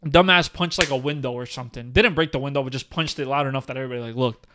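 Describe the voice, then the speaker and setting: A man's voice: mid-range voice, very fast, noisy background. A young man, a podcast co-host, telling a story in casual chat, full of "like" and "bro". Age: young adult. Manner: animated storytelling, heavy use of "like" and "bro". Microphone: studio podcast mic, seated.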